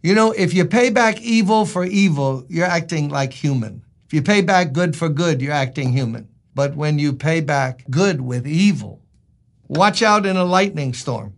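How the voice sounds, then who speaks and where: A man's voice: on the high side, animated, moderate pace, gravelly. A male pastor preaching a sermon in an emphatic, conversational way, asking his listeners rhetorical questions.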